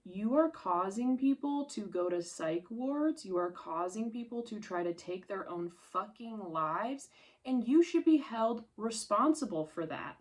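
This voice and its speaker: A woman's voice: mid-range voice, animated, unhurried. A woman in an angry vlog rant, swearing and speaking straight at someone she is upset with, her voice strained with anger. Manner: furious, swearing, addressing someone directly. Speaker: content creator.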